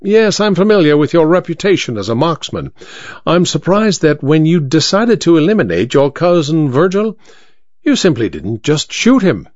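A man voicing a shrewd Victorian detective who talks in a crisp, bland, self-assured way, in a storybook reading. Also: on the high side, very animated, moderate pace, a little mellow, no room sound, voice pushed up. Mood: cool. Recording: dry, slightly dull recording.

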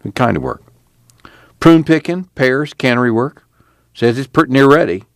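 A man's voice: medium pitch, animated, normal speed, no room sound, clean studio sound, natural voice. A man voicing a weary drifter who talks in a plain, blunt rural drawl.

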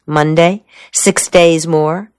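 A woman's voice: low-pitched, steady tone, takes it slowly, a little mellow, smooth, no room sound, studio quality. A woman reading the part of a teasing, evasive young woman with a mocking drawl in an audiobook. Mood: wistful.

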